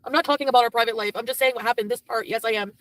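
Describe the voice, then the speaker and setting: High-voiced woman ranting angrily. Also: steady tone, very fast, dry recording, low-quality recording. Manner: angry, profane, breaking down, swinging from yelling to hushed. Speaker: streamer venting about a breakup. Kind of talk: emotional live-stream rant.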